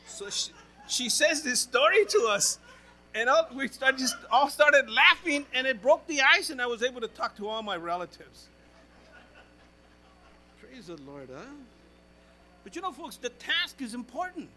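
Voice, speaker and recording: Bright high-voiced male pastor preaching. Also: sing-song, normal speed, long pauses, poor audio. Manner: call-and-response preaching, folksy asides, swings between loud and hushed. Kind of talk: sermon. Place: church.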